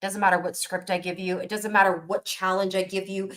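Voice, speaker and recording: A woman business coach hosting a live motivational workshop stream, energetic and emphatic, repeating phrases for rhythm. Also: medium pitch, fairly quick, few pauses.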